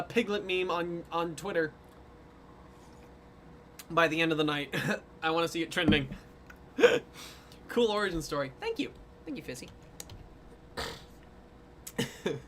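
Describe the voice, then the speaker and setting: Over a faint hiss or hum, a medium-pitched, pushed and bright voice belongs to an artist drawing requests on a livestream. The chat is casual and rambling, full of fillers and playful self-mockery, and often dissolves into giggling fits.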